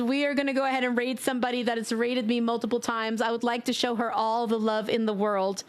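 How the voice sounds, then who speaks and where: A woman's voice: fairly high pitch, fairly even intonation, a little fast, few pauses. A woman streamer chatting casually and affectionately as she signs off her stream, a bit congested. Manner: warm, affectionate, blowing kisses. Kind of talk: casual stream sign-off chat.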